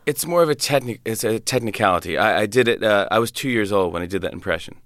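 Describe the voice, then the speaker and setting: A man, a comedian, telling a lively story in an interview and acting out other people's voices. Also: on the low side, fast talker, no echo, studio quality. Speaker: comedian guest.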